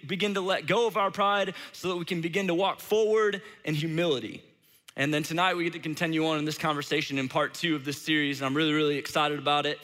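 A man's voice: high-pitched, pushed and bright. A man in his thirties from Saint Louis, preaching a sermon in a chatty, casual way with lots of "like". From Saint Louis, Missouri. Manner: casual, chatty, heavy use of "like". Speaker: pastor. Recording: long hall reverb.

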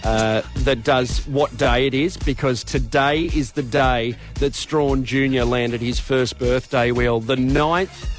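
An Australian man in his thirties hosting breakfast radio, exuberant and shouting with excitement. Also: medium pitch, slow, few pauses. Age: 30s. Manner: exuberant, shouting with excitement, says mate often. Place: radio studio. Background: music.

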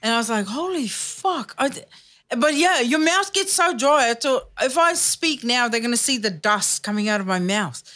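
A woman's voice: fairly high pitch, moderate pace. A woman hosting a podcast, chatting casually, swearing freely and acting out voices in her stories. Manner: animated, swearing, acts out voices in anecdotes. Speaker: podcast host. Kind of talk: casual chat.

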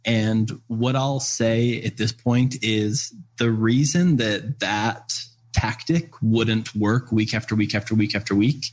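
Earnest man explaining with frequent "uh"s. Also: on the low side. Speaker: guest speaker on parenting. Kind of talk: casual storytelling and explaining.

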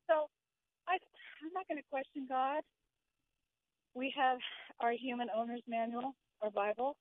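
A woman's voice: high voice, fairly even intonation, unhurried. An older woman calling in to a radio show, out of breath and earnest, talking between breaths. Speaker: caller. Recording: tinny phone line.

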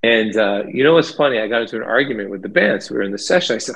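Middle-aged male singer, gravelly and a little husky, animated, talks in loose fillers. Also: lowish voice, racing, poor audio. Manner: enthusiastic, animated storytelling with many fillers. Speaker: lead singer of a band, guest. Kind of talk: casual interview chat.

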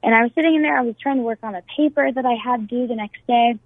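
A woman's voice: on the high side, racing, no room sound, narrow, tinny audio. A young woman guest on a talk show, earnestly recounting a personal experience with frequent fillers and restarts. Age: young adult.

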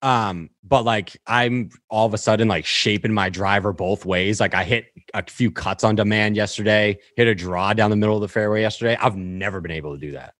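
A man in casual conversation, recounting a round in clipped, rapid-fire fragments. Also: lowish voice, fairly bright tone, dry recording, studio quality. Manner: rattles off shot-by-shot recaps in clipped fragments. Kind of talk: casual chat about golf.

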